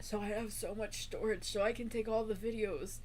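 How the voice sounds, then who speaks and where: A woman's voice: medium pitch, steady tone, normal speed, a little mellow, slight background noise. A woman co-hosting a casual livestream, chiming in with short quips and her own stories. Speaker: livestream co-host.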